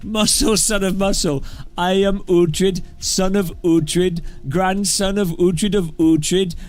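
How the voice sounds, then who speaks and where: A man putting on a slow, boastful Viking warrior. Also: sits high, steady tone, soft background music. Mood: menacing. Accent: Birmingham. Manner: slow, solemn, theatrical declaiming.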